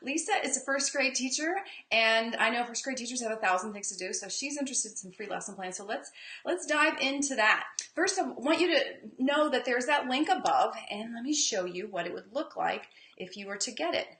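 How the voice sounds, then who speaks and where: A woman leads a live online reading lesson, talking with energy and drawing out each letter sound. Her voice sits a bit high and sounds bright and forceful. The room around her is echoey. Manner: energetic, emphasizes sounds slowly. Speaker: reading teacher. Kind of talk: live online teaching demo.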